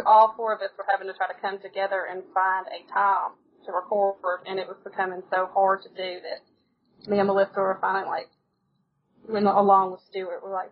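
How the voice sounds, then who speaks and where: A woman's voice: mid-range voice, dull audio, a little hiss or hum. A woman from the United States, telling stories as a podcast guest in a casual, chatty way and laughing often. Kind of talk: casual interview chat.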